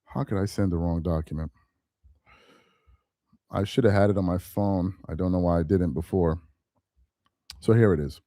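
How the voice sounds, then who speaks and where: A man hosting a live-stream commentary, reading aloud slowly with heavy emphasis and mocking what he reads. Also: low voice, mellow, dry recording, clean studio sound. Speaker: political commentary host.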